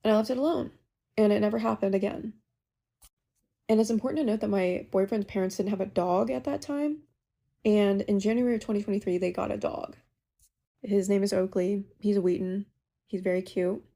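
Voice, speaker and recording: Young woman telling her ghost story, chatty, kinda gravelly and warm. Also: medium pitch, fairly quick. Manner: chatty, animated retelling. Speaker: caller sharing a ghost story. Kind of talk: casual storytelling.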